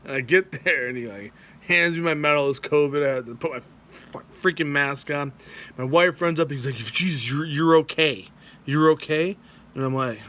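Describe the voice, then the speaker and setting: A man telling a funny personal running story in a vlog, animated, cursing freely and acting out the quotes. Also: fairly high pitch, normal speed, a little hiss or hum. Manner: animated, swearing, voices his wife and himself in quotes. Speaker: vlogger. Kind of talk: comic storytelling.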